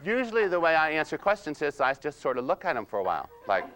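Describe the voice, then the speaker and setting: A man playing a quiet, precise, nerdy analyzer-type husband in comedic role-play, slow and hesitant with many ums and "you see?". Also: fairly high pitch, sing-song, crowd noise. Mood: deadpan nerdy. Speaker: personality-styles trainer.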